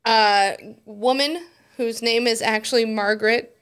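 A woman co-host reels off a news story in loose, unscripted podcast banter. She swears freely and laughs as she goes. Her voice sits high. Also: fairly even intonation, unhurried, a bit bright, clean tone.

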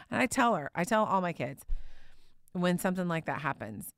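A woman preacher telling a personal story in a sermon, candid and conversational, sometimes dropping to a hushed tone. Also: on the low side, big pitch swings, moderate pace, creaky, dry recording, studio quality.

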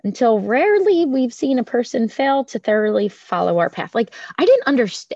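A woman's voice: fairly high pitch, very animated, moderate pace, a little mellow, no room sound, lo-fi sound. Chatty, candid woman sharing her story. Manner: chatty, candid, self-deprecating, acts out quoted voices. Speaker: recovery group speaker. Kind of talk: personal recovery share.

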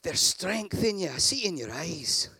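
A man preaching a sermon, dramatic, shifting from shouted peaks to quiet asides and acting out the people in his stories. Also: very animated, normal speed, breathy edge, dry recording. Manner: dramatic, swings from shouting to low asides, acts out characters.

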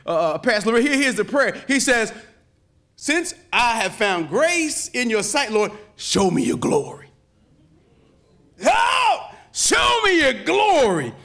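A man preaching a sermon in call-and-response style, dropping to low murmurs and rising to shouts. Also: expressive, normal speed. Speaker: pastor.

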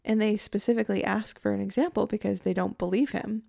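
A woman's voice: mid-range voice, fairly even intonation, quick pace, creaky, warm tone. A young woman hosting a podcast, telling a true-crime story in a chatty way and thinking aloud with fillers. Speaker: podcast host.

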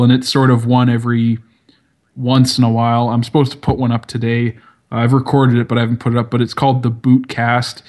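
A young man with a clear Canadian accent talks casually as a podcast guest. He swears freely and jokes around in an easygoing way. His voice sits at an ordinary middle pitch. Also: a little mellow. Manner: swears freely, loose and joking. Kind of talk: casual chat.

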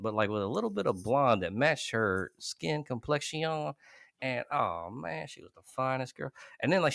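A man co-hosting a podcast, telling a casual, profane story with lots of laughter and loud quoted lines. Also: lowish voice, creaky, no echo, studio quality. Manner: animated, laughing, loud quoting bursts. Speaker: podcast co-host.

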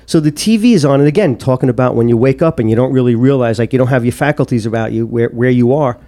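A man's voice: medium pitch, quick pace. A man telling a profane story on a podcast, acting out what people said. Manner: profane, animated storyteller who acts out quotes. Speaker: podcast co-host. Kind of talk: casual storytelling.

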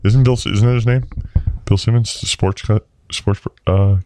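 A young man from Wisconsin co-hosting a casual podcast chat, insistent and quick to laugh, swearing casually. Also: fairly low pitch, fairly even intonation, noisy background. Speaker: podcast co-host.

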